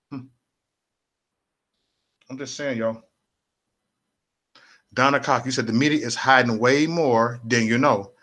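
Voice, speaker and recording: A man's voice: medium pitch, pushed and bright. A man hosting a casual political livestream, speaking in a repetitive, preachy, rallying way and answering viewers' comments.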